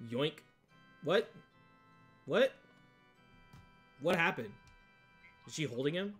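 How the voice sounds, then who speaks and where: A man's voice: on the high side, lively intonation, takes it slowly, a bit bright, slightly rough, faint music behind. A man streaming a game playthrough live, reacting aloud with lots of swearing and repeated exclamations. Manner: profane, exclaiming, repeats himself.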